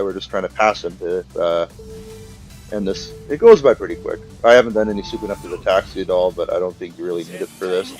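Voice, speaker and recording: Young male let's-play commentator, low voice, rambling and filler-heavy, faint game music underneath. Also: lively intonation, fairly quick, a little mellow. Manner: rambling, filler-heavy, acts out characters' lines. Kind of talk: casual gameplay commentary.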